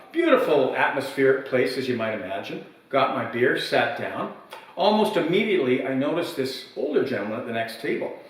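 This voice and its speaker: A comedian telling a long joke in a halting, stop-start way, often repeating his words. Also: medium pitch, far from the mic. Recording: echoey room, voice from afar.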